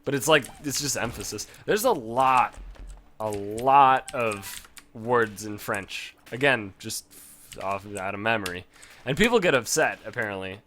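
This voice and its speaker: A man's voice: mid-range voice, lively intonation, a little slow, sharp tone. A man casually rambling and swearing as he talks over his gameplay footage, poking fun at himself along the way. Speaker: gaming video host.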